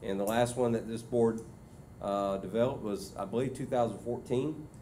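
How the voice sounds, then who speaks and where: A man's voice: fairly low pitch, moderate pace, dark tone, slight background noise. A man, a school superintendent giving his report at a board meeting in a casual, filler-heavy way. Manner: conversational, many fillers and restarts. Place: meeting room.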